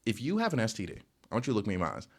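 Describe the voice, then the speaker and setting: A young man casually telling a storytime rant, rambling with lots of filler words and sudden jumps in pitch. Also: wildly swooping pitch, rapid-fire. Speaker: storytelling vlogger.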